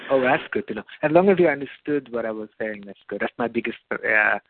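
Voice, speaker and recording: A man with a calm, soothing voice reading a book aloud. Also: mid-range voice, quick pace. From lived many years in Israel. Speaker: guest reader. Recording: tinny phone-like call audio.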